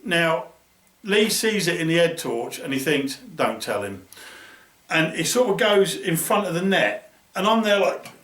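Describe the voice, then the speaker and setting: A man's voice: high voice, moderate pace, fairly bright tone, echoey room, far from the mic. A middle-aged Englishman from Norfolk telling a fishing story, laughing and acting out his friends' voices. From Norfolk, England. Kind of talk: animated storytelling.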